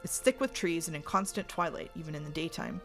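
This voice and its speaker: Woman doing a brooding young prince, gruff and commanding, low gravelly tone, visual novel. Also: expressive, brisk, fairly bright tone, soft background music. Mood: wistful. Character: proud brooding young male hunter prince.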